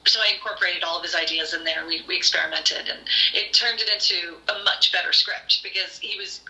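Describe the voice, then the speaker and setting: A woman's voice: fairly low pitch, brisk, reverberant, poor audio. A woman host chatting casually, telling her stories with gushing enthusiasm and plenty of fillers. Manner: gushing, animated storyteller with many fillers. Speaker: podcast host and screenwriter. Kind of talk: casual storytelling chat.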